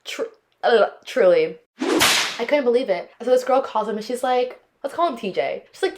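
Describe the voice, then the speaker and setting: A woman's voice: a little high, moderate pace. A young woman in her twenties hosting a podcast, telling dating stories in casual chat and dramatically acting out the people in them. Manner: expressive, dramatic, acts out quotes. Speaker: podcast host.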